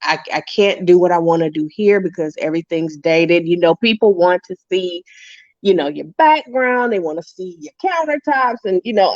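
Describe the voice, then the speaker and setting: A woman's voice: fairly low pitch, no echo, highs cut off. A middle-aged woman, a guest author and entrepreneur, chatting in an interview and acting out the voices of people in her stories. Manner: lively storyteller, acts out quoted voices, laughs often. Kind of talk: casual interview chat.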